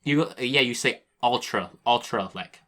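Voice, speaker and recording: A man's voice: medium pitch, lively intonation, brisk, sharp tone. A young man co-hosting a casual podcast, laughing often and joking crudely with stammered restarts. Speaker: podcast co-host. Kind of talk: casual chat.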